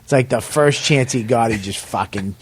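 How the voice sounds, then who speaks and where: A man, a comedian guest, telling profane, animated stories in a casual podcast chat. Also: mid-range voice, moderate pace, slightly rough.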